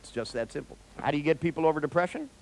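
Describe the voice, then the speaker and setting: A man's voice: a little high, rapid-fire, poor audio. A therapist giving a live seminar talk to an audience, joking and speaking straight to listeners as he explains. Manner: animated, joking, acts out dialogues with clients.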